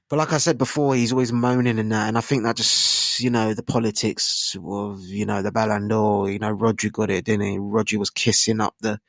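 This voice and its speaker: Young bloke, twenties, low gravelly voice, dry close sound, slangy rambling football chat. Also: male voice, no room sound. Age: 20s. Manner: slangy, rambling, asks rhetorical tag questions. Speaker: football channel host. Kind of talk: casual football opinion monologue.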